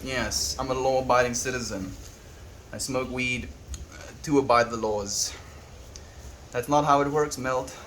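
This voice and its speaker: A South African man talks gently and thoughtfully on a casual livestream, pausing to read viewers' messages aloud. His voice sits at an ordinary middle pitch, with a faint hum of room noise behind him. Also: fairly even intonation. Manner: soft-spoken and reflective, reads chat messages aloud.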